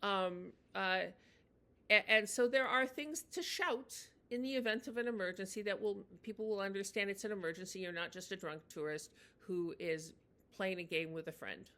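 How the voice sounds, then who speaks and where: A woman teaching in a chatty, unscripted way, with many fillers and restarts, slowing down to model phrases. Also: medium pitch, sharp tone. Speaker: language teacher. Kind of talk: casual spoken lesson.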